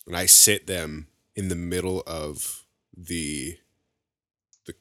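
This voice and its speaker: Low-voiced male player, casual and blunt, dry audio. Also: fairly even intonation, takes it slowly, pushed and bright, dry recording. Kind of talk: playing a tabletop game.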